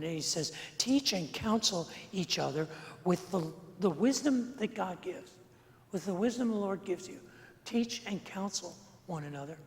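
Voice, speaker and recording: A male pastor preaching an earnest sermon, slowing and swelling on key phrases and repeating words for emphasis. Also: fairly high pitch, vocal fry. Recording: long church reverb.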